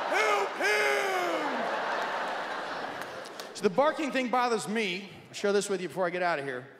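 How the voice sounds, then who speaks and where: High-voiced stand-up comic man. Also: very noisy. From Nebraska, USA. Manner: wry, animated storytelling. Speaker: stand-up comedian. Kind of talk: stand-up comedy. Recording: echoey hall, loud audience.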